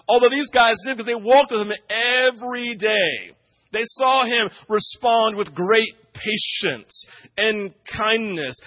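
A man with a notably high voice delivers a sermon, speaking to his congregation in a conversational way. He keeps asking "right?" and throws himself into the quotes he acts out. The recording sounds muffled and lo-fi. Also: no echo. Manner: acts out quoted speech with energy. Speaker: pastor.

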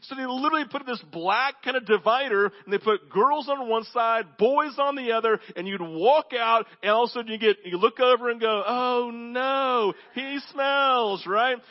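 A man preaching a sermon as pastor, telling stories with animated delivery that drops to a low, intense hush. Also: brisk, hardly any pauses, muffled recording. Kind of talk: sermon with storytelling.

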